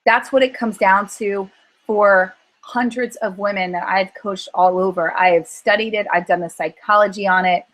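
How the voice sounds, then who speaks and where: In a group call, a woman coaching on emotional eating speaks with a medium-pitched voice at a moderate pace. She's an earnest, animated storyteller who dramatizes her inner voice. The recording is rough.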